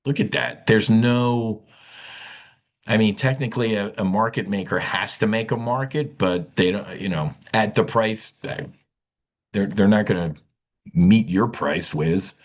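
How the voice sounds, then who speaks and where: Blunt, animated trading-show man. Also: on the low side, a little slow. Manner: animated, blunt, scolding, repeats himself. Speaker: options trading host. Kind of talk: live trading webinar.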